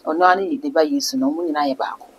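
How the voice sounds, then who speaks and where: Ghanaian interviewer, quick pace, husky, short prompting questions. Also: mid-range voice. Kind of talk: casual question-and-answer.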